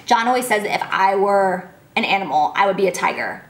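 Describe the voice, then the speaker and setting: A woman's voice: mid-range voice, animated, brisk, roomy sound. A woman in her twenties chatting casually and gushing as she answers fan questions, filling her talk with "like". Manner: gushing, bubbly, heavy use of "like". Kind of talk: casual chat.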